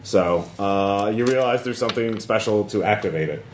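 A man's voice: lowish voice, normal speed. Guy gm'ing a tabletop game, chill and rambly, roomy sound with a bit of hiss. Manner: loose, laughing, many fillers. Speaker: game master.

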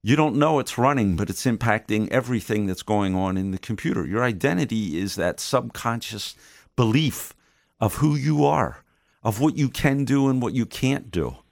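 A man's voice: mid-range voice, animated, moderate pace, gravelly, darkish tone, no echo, clean studio sound. A man guesting on a Christian radio show, explaining his program in an earnest, teaching manner and acting out voices when he tells a story. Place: radio studio.

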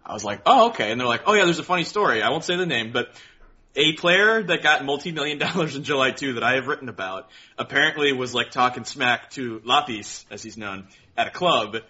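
A man co-hosting a casual podcast, telling animated stories with frequent laughs and high-pitched quoted voices. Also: a little fast. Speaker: podcast co-host. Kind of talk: casual chat, storytelling. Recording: dull lo-fi audio.

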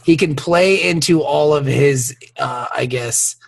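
Male podcast host, husky and a bit high, casual profane banter. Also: unhurried. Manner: profane, joking, rambling. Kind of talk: casual chat.

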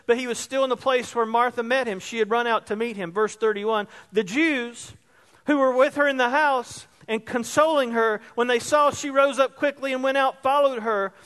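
A man pastor preaching a sermon, moving between soft, hushed passages and loud emphasis. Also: very high voice. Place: church sanctuary. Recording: reverberant church hall.

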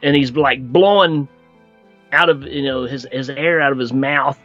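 A man's voice: medium pitch, moderate pace, dull audio, faint music behind. A man co-hosting a podcast, casually discussing film influences with many fillers. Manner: relaxed, hesitant with fillers, knowledgeable about film. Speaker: podcast co-host.

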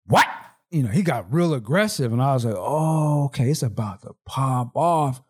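Podcast co-host, man, casual slangy storyteller, middle pitch. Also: animated, brisk, darkish tone. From Seattle, Washington. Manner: storytelling, slangy, acts out dialogue. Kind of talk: casual chat.

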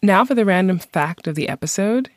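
A woman in her thirties hosting a podcast, reading a scripted segment in a friendly, measured way on a close mic. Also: medium pitch, expressive, no echo. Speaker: podcast host.

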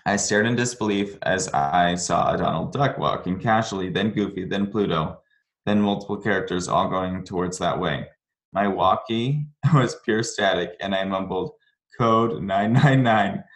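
Low-voiced man reading a story. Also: normal speed. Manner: reads casually, breaks off to comment and laugh. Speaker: podcast host. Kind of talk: reading listener stories aloud. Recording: roomy echo.

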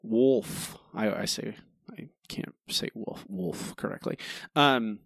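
A man's voice: fairly low pitch, slow pace, creaky, pushed and bright, slightly rough, dry recording, clean studio sound. A man with a Philadelphia accent co-hosting a casual podcast, ranting in an exasperated way. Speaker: podcast co-host.

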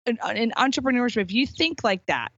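A woman's voice: a little high, fairly quick, no room sound, lo-fi sound. A woman in her forties, a guest in a casual interview, telling stories with animation and acting out the voices of others. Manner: animated storyteller, acts out quoted voices.

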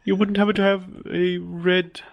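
A man's voice: high-pitched, level tone, moderate pace, vocal fry. A young man in a casual podcast chat, teasing and jokey. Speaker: podcast co-host.

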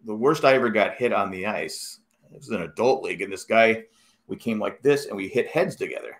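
A middle-aged man in casual chat, telling rambling, animated stories with many restarts. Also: lowish voice, a little fast.

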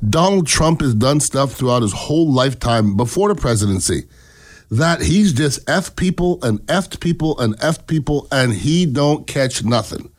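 A man's voice: mid-range voice, lively intonation, normal speed. Blunt, profane man ranting. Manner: emphatic, blunt and profane, checks in with "okay?". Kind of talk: casual political commentary monologue.

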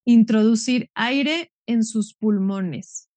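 A woman who reads model phrases aloud for learners, slowly and deliberately. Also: fairly high pitch, a little mellow, no room sound. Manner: slow, deliberate phrase reading.

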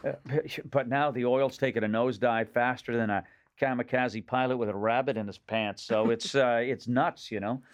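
With the highs cut off in the audio, this medium-pitched man speaks at normal speed with fairly even intonation. He's a fifty-something comedian from Nova Scotia, Canada, guesting on a casual radio interview and telling rambling, joke-filled stories.

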